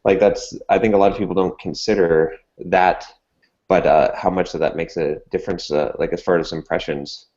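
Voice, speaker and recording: A man's voice: sits low, steady tone, moderate pace, darkish tone. A man co-hosting a casual podcast, giving his opinions with lots of fillers and restarts. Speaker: podcast co-host. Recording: dull lo-fi audio.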